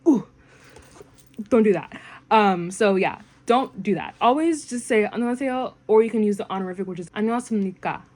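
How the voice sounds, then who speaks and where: A young woman gives a relaxed, rambling lesson on everyday phrases, leaning on fillers as she talks it through. Her voice sits at a middling pitch and pops up brightly whenever she quotes an example phrase. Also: racing. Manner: chatty, rambling, filler-heavy, animated when quoting phrases. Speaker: language learning vlogger. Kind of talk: casual language lesson.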